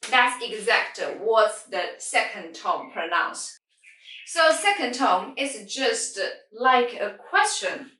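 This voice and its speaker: Patient woman teaching tones, slow pace, echoey room off-mic. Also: a little high, animated, sharp tone, far from the mic. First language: Mandarin Chinese. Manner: patient, simple non-native English, sings out tone demonstrations. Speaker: Mandarin teacher. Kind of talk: language lesson.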